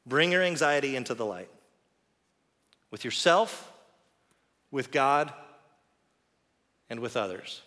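A male teaching pastor giving an earnest sermon, telling a personal story and leading a quiet prayer, recorded in a church sanctuary. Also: medium pitch, animated, slow, long pauses. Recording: church hall reverb with music.

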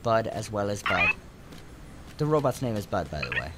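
A man's voice: on the low side, very animated, normal speed, very noisy. Goofy, crude young man gaming. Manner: goofy, crude, rambling, swinging from mutters to squeals. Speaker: gaming channel host. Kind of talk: casual let's play commentary.

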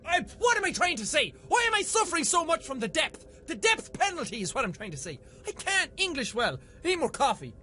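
A very high-voiced man chatting through a game session, his pitch leaping all over the place. His tone is bright and sharp, and he swears and yelps at every scare. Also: fairly quick, few pauses, a little hiss or hum. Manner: excitable, swears freely, yelps when startled. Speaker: let's play gamer. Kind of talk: casual gameplay commentary.

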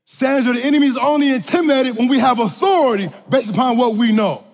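Male preacher, high pitched, emphatic and repetitive, reverberant hall sound. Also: fast. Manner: emphatic, repetitive declarations with call-and-response energy; animated, swings from loud to quiet. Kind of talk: sermon. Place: large room with audience.

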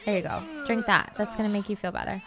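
A woman's voice: mid-range voice, fast, creaky, a crowd in the background. A woman hosting a life-sim let's-play, chatting casually and bursting into frantic pleading at her characters. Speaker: gaming channel host.

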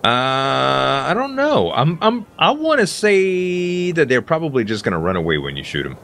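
A man's voice: medium pitch, wildly swooping pitch, moderate pace, gravelly, fairly bright tone. A man with a Cajun accent from Louisiana, co-hosting and joking in casual gameplay banter. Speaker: co-host gamer.

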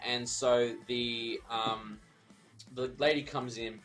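A man's voice: medium pitch, fairly even intonation, slow pace, a bit bright, soft background music. A man, a streamer, telling a wild party story in a rambling, profane, casual way while he plays a game. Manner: rambling, profane, laughs at his own story.

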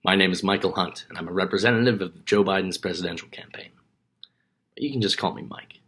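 A man's voice: deep voice, fast talker, fairly bright tone, breathy edge. A bumbling campaign spokesman. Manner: bumbling, stumbling over bad examples, muttering asides. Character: flustered male campaign spokesman, bumbling and awkward. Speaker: comedic campaign representative. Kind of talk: sketch comedy.

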